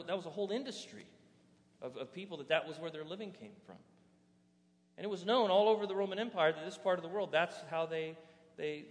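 A male pastor delivers a sermon with animated energy, leaning on rhetorical questions to the congregation. His voice sits a little on the high side. The sound carries a long reverb, as if recorded in a large church hall.

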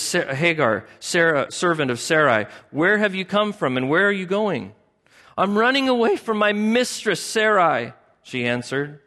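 A man's voice: a little high, a bit bright, long reverb tail. A man preaching a sermon as pastor, emphatic and repeating key phrases for stress.

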